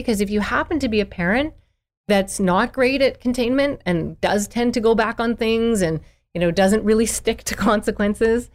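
A woman child therapist in a podcast interview, explaining parenting in an animated way and acting out parents and children. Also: mid-range voice.

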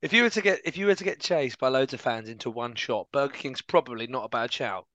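A mid-pitched man teases his co-host in casual football podcast chat. The sound is dry and slightly dull, as if from a lower-quality mic. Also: animated, quick pace, sharp tone, dry recording. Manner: teasing, laughs along.

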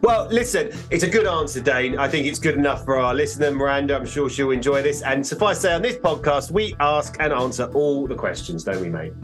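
A man's voice: medium pitch, lively intonation, brisk, few pauses, fairly bright tone, faint music behind. A man co-hosting a podcast, bantering in a teasing way. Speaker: podcast producer and co-host.

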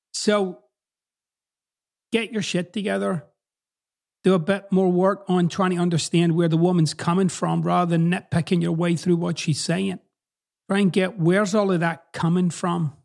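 A man's voice: high-pitched, creaky, a little mellow. A male podcast host with a Scottish accent tinged with American Southern, giving blunt, profane advice. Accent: Scottish mixed with American Southern.

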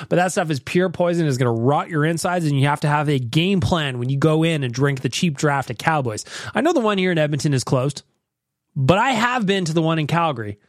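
A man hosting a podcast, reacting to voicemails in a jokey, animated way with mock-serious asides. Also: a little high, no room sound, studio quality. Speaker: podcast host.

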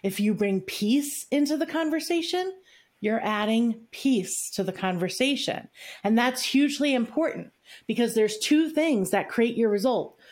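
A woman speaks as a relationship coach with a voice pitched a little high. She teaches in emphatic, repeated phrases and drives each point home to her listeners. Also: lively intonation, measured pace, darkish tone. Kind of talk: coaching session talk.

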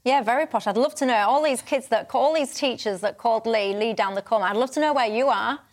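A woman's voice: a little high, fast talker. A woman with a Hull accent hosting a TV panel discussion, blunt and chatty. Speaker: host.

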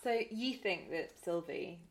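A woman's voice: lowish voice, animated, measured pace. A woman hosting a casual chat, asking curious questions and admiring the books her guest shows her.

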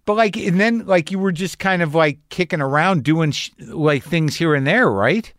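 Male host, fairly high voice, relaxed asides, dry sound. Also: normal speed, dry recording. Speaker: interviewer host. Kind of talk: casual interview chat.

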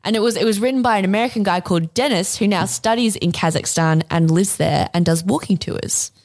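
A woman's voice: medium pitch, fairly quick, a little mellow. A woman co-hosting a comedy podcast, chatty as she presents news items. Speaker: podcast co-host. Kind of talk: casual comedy chat.

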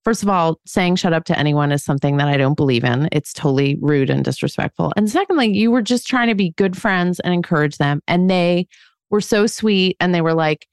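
A woman's voice: fairly low pitch, fairly quick, smooth, no echo, studio quality. A woman in her forties co-hosting a podcast, telling a story in a candid, self-mocking way and laughing at herself often. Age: 40s. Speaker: podcast co-host. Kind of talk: casual chat.

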